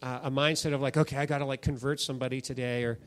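In a church sanctuary with no echo, a male pastor preaches a sermon in a medium-pitched, level voice at a rapid-fire clip. He tells stories conversationally and acts out the voices of the people in them.

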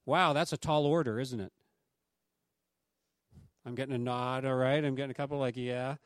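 A man's voice: medium pitch, moderate pace, clean tone, no room sound. A middle-aged man preaching a sermon as pastor, conversational and anecdotal, speaking to the congregation and acting out quoted voices. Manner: acts out quoted voices in lively raised tones.

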